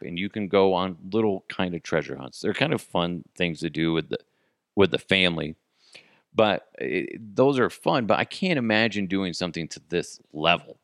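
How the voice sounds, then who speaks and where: A man's voice: low voice, a bit bright, no room sound, studio quality. A man hosting a podcast, talking casually and rambling offhand, with frequent restarts. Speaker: podcast host. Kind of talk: casual solo commentary.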